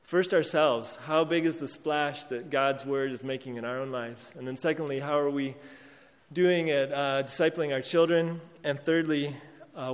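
An earnest male pastor preaches a sermon in a slightly higher than usual voice, and a long reverb trails each phrase. He often pauses and restarts, reading scripture aloud and rising with emphasis on key lines.

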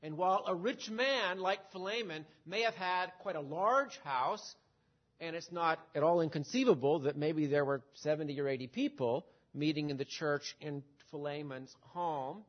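A man preaching an expository sermon in a measured teaching manner, posing rhetorical questions and answering them. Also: a little high, muffled recording.

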